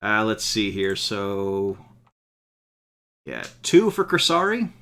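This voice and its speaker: Male game master, bright voice, wry, laughs easily. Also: fairly low pitch, big pitch swings, slow. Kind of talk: narrating a tabletop game.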